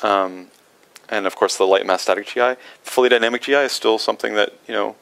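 A man's voice: lowish voice, steady tone, quick pace, gravelly, fairly bright tone, clear, resonant tone, poor audio. A man answering viewer questions on a livestream in a casual, rambling way, with many fillers and restarts.

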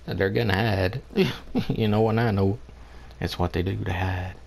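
A man's voice: on the low side, steady tone, a little slow, vocal fry, a little mellow, a little hiss or hum. A man giving casual commentary over his own online shooter match, trash-talking opponents and laughing often. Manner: playful trash talk with frequent laughter. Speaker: gameplay commentator.

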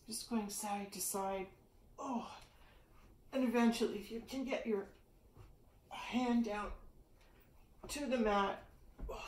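A woman's voice: fairly high pitch, slight background noise. A woman teaching a yoga class who talks about the spirit and asks earnest questions while she stretches. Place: indoor room, exercise mat. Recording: roomy sound, distant from the mic.

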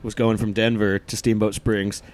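A man's voice: fairly low pitch, level tone, normal speed, a little mellow. A man co-hosting a comedy podcast, telling anecdotes in a laid-back, loose way, full of "like" and fillers. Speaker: podcast co-host. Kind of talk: casual storytelling.

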